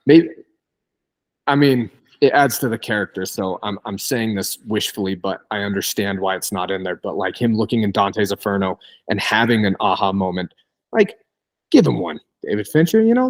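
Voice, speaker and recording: A man's voice: fairly low pitch, moderate pace. A man co-hosting a film podcast, wistfully complaining about a character's treatment. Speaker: podcast co-host. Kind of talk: casual film discussion.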